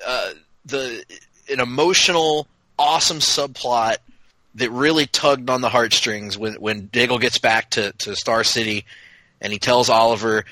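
Bright-voiced enthusiastic man. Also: medium pitch, no room sound, low-quality recording. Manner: enthusiastic, quick bursts, frequent restarts. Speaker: podcast co-host. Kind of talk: casual TV recap chat.

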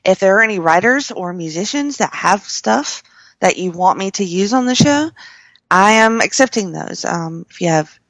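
Podcast guest, woman, gravelly, upbeat and friendly, dry close sound. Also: medium pitch, lively intonation, moderate pace, a bit bright, no room sound. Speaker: podcast guest and host of her own show. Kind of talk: casual chat.

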